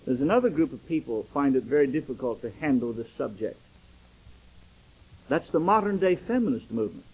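A man's voice: mid-range voice, very animated, a little fast, darkish tone, husky, low-quality recording. An older man, a pastor, preaching a sermon and acting out dialogue as he tells stories.

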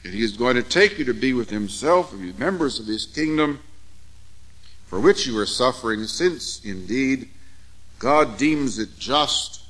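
A man preaching an expository sermon, measured and emphatic, with deliberate pauses on key words. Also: medium pitch, animated, a bit bright, low-quality recording.

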